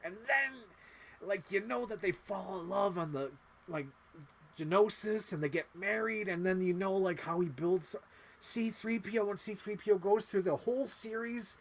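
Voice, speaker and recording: A man hosting a casual livestream, rambling excitedly and swearing often, acting out little movie quotes as he talks. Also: sits high, moderate pace. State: emotional. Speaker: livestream host.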